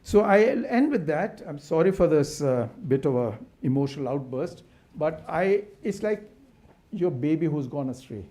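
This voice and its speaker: A man's voice: a little high, sing-song, normal speed, dark tone. A man giving an impassioned symposium talk, asking rhetorical questions with frequent restarts. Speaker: conservation academic speaker.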